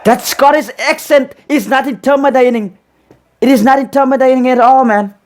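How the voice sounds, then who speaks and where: High-voiced man giving reaction commentary. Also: moderate pace. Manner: ends nearly every sentence with "man", repeats himself. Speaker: reaction video host.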